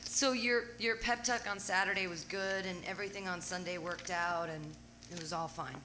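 A woman's voice: on the low side, steady tone, moderate pace, a little hiss or hum, poor audio. A woman hosting a casual radio chat, ranting with heavy swearing. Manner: profane, heated, rants and reenacts yelling. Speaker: radio show host.

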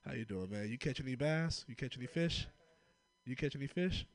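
Young male comic from Oakland, loose rambling delivery, middle pitch, dry close sound. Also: animated, a little fast, no room sound. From Oakland, California. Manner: loose, rambling storytelling with frequent laughs. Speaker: stand-up comedian. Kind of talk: stand-up comedy set.

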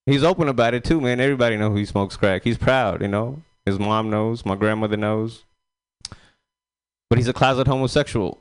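A man's voice: mid-range voice, fairly quick, clean tone. A man doing a loose, rambling stand-up set full of crude punchlines. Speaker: stand-up comedian.

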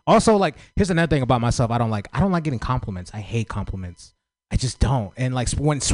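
A man's voice: mid-range voice, sing-song, quick pace, a little mellow, dry recording. A man doing a loose, profane open-mic stand-up set, joking at his own expense and asking for feedback. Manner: loose, profane, self-deprecating.

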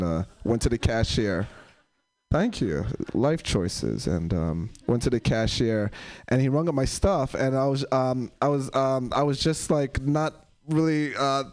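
A young man doing stand-up, telling stories and acting out characters in a high voice. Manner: animated, acts out characters in a high voice. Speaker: stand-up comedian. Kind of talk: stand-up storytelling.

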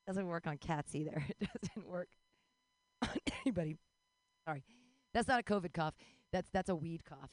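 A woman's voice: medium pitch, dry recording. A woman in her forties doing a rambling, bawdy stand-up comedy set, breaking into squeals and laughs. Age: 40s.

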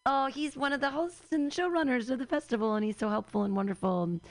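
A woman introducing comics at a comedy show, bubbly and gushing. Her voice sits a little high, and the mic sound is dry and close. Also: quick pace, dry recording. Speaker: show emcee.

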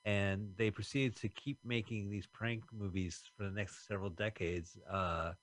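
Low-voiced man, dry rambling chat. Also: moderate pace, no echo. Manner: rambling, restarts sentences, deadpan asides. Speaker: radio show co-host. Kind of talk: casual chat.

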